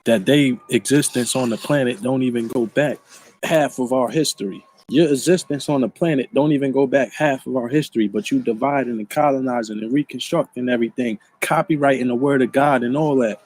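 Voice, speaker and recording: A man's voice: mid-range voice, a little fast, a little mellow, no room sound. A man from the Baltimore area delivering a profane, boastful monologue full of slang and combative trash talk. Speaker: online commentator.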